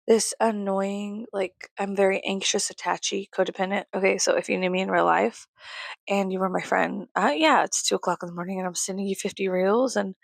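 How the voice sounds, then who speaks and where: Young woman vlogger, rambling and profane, gravelly, dry close mic. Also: medium pitch, dry recording. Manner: rambling, swearing, laughing often. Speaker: YouTuber. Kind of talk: rambling casual vlog.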